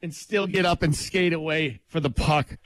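A man co-hosting a morning radio show, ranting about sports in a lively, joking way. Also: a little high, dry recording. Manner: lively, ranting, quick to laugh. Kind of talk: casual radio banter.

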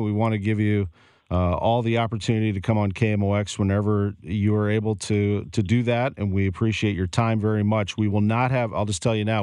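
Guy hosting sports radio, chatty and loose, lowish voice, dry studio sound. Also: smooth, no room sound. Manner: chatty, laughs often, relaxed filler-heavy delivery. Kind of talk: casual radio show talk.

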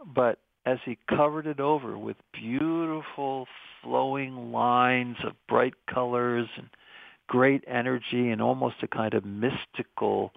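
Gravelly man on a tinny line. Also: medium pitch, fairly even intonation, no echo. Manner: earnest, musing, halting with restarts. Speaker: interview guest, medical school researcher. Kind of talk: reflective interview conversation. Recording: tinny phone-line sound, dry.

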